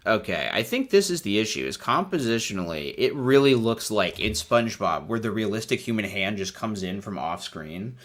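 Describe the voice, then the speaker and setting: A man's voice: fairly low pitch, normal speed, few pauses. Young guy doing jokey commentary, voice bounces way up and down, dry asides, then sudden yelps. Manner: wry, riffing, swings from mutters to excited outbursts. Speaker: video host. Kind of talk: comedic commentary on book illustrations.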